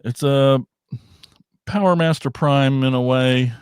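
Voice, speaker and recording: A man hosting a podcast in casual chat, rambling and excitable, often trailing off and starting over. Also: mid-range voice, slow, smooth, no echo, clean studio sound. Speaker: podcast host.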